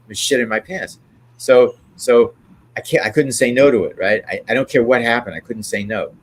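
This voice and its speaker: An older man appearing as an interview guest tells rambling show-business anecdotes, tagging his remarks with "right?" as he goes. His voice is husky and medium-pitched, at a moderate pace.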